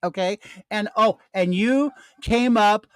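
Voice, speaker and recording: An older man telling his audience a story in a casual, animated way, with plenty of swearing and a ranting edge. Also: sits high, slow pace, clean tone, no room sound.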